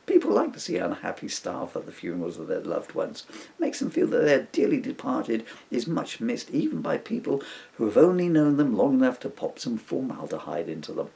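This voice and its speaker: A middle-aged man reading his own comic story aloud with wry, deadpan humour. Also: medium pitch, brisk, gravelly. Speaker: author reading his book.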